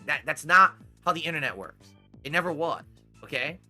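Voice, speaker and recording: A man's voice: a little high, animated, moderate pace, pushed and bright, soft background music. A man from Connecticut streaming live, rambling defensively and answering his chat. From Connecticut, United States.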